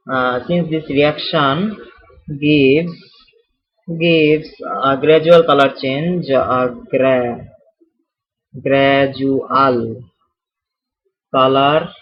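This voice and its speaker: A man whose first language is not English, giving an informal chemistry lesson, often restarting and repeating phrases as he thinks aloud. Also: fairly high pitch. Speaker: chemistry tutor. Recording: dull lo-fi recording.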